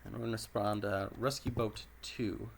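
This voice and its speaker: A man with a raspy voice giving casual commentary over a dispatch game, clearing his throat often as he methodically works through each call. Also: fairly low pitch, fairly even intonation, normal speed, a little hiss or hum. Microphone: personal desk microphone.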